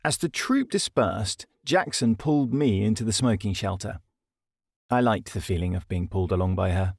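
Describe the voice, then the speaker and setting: A man's voice: lowish voice, moderate pace, creaky, darkish tone, husky, dry recording. A man with a British accent narrating his comedy audiobook in a wry, self-deprecating way. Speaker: narrator and author.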